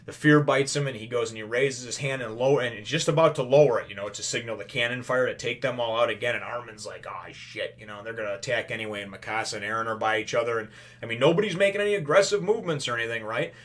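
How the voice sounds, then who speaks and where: A man in the middle of his natural pitch range talks through an episode review off the cuff. He wanders and restarts often, filling gaps with "you know" and tag questions. He has a familiar, preacher-like habit of calling his viewers brothers and sisters. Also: fast, hardly any pauses, fairly bright tone. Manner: rambling, conversational, full of "you know" and "right?". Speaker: anime episode reviewer, channel host. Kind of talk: casual spoken review.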